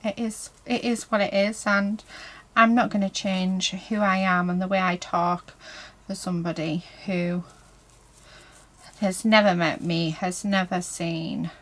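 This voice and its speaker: The recording is rough, and the woman's lowish, slightly bright voice stays fairly even in intonation and a little slow. Painting a craft project at a table indoors, this crafting vlogger chats to herself and viewers, heavy on "so yeah" and "um."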